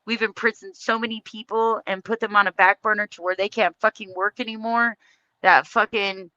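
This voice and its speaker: A woman's voice: medium pitch, steady tone, moderate pace, sharp tone, no echo, highs cut off. An American woman hosting a livestream, delivering a heated, profane political rant with blunt emphasis. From United States. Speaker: livestream host.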